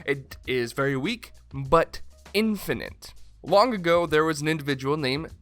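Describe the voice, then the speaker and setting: A man's voice: on the high side, lively intonation, normal speed, a bit bright, soft background music. A man with a slight Southern twang hosting a casual comedic science explainer, irreverent and swearing freely. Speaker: science video host.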